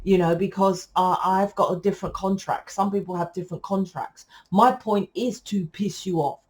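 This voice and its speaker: A woman, a tarot reader talking to viewers in a loud, rambling, casual spiritual monologue that keeps correcting itself. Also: medium pitch, normal speed.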